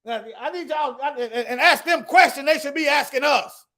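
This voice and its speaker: Very high-voiced man preaching emphatically. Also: normal speed, pushed and bright. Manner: emphatic, addresses listeners as y'all, reads scripture aloud. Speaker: bible teacher. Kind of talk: preaching to an online audience.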